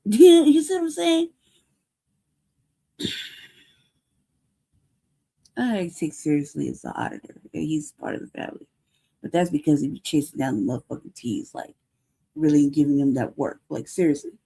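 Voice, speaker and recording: A woman hosts a news livestream, talking bluntly and cursing freely. She fires off rhetorical questions and repeats her points. Her voice sits low and sounds warm and dark. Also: very animated, brisk, vocal fry, breathy edge. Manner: blunt, profane and heated. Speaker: news show host. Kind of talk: casual livestream commentary.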